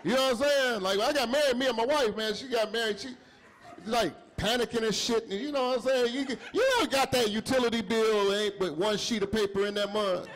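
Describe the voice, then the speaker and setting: A man's voice: extremely high pitch, a little fast. A middle-aged man doing a stand-up comedy set, telling stories with acted-out dialogue. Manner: animated storytelling with acted-out dialogue. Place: comedy club stage with audience. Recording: live set with faint crowd. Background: audience laughter.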